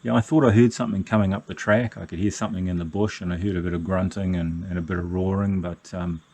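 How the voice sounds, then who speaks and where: An older man, chatting casually as he films his solo hike on an action camera, relaxed and rambling with many fillers. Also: low voice, fast. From New Zealand. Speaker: solo hiker vlogger. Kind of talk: casual outdoor vlog narration. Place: backcountry hut and deck outdoors.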